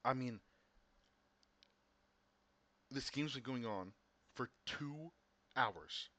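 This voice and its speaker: A man casting an esports match, excitable, often repeating and restarting words, his voice getting worn. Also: medium pitch, slow. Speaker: esports caster. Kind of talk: casual esports commentary.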